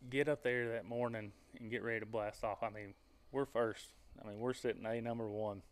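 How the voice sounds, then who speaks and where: A man hosting a casual podcast, telling a hunting story in a lively way and laughing as he goes. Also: on the low side, brisk.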